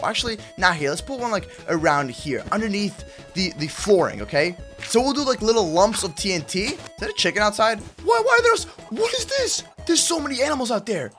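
Excitable male gaming YouTuber, lively swooping delivery, slangy hype commentary. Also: high-pitched. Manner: hyped, slangy, excitable, talks to viewers. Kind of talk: Minecraft gameplay commentary.

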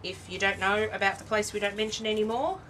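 A woman's voice: mid-range voice, fairly even intonation, quick pace, sharp tone, distant mic, slight background noise, low-quality recording. A tired Australian woman chatting casually as she shows off her craft work, rambling and cutting herself off mid-sentence. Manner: chatty, rambling, self-interrupting. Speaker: craft channel host. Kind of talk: casual show-and-tell craft video.

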